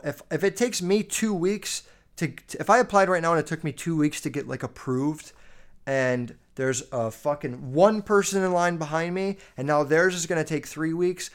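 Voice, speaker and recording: A man in his twenties hosting a solo podcast, ranting bluntly with heavy swearing and lots of fillers. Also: fairly high pitch. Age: 20s. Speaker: podcast host. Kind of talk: casual solo podcast rant.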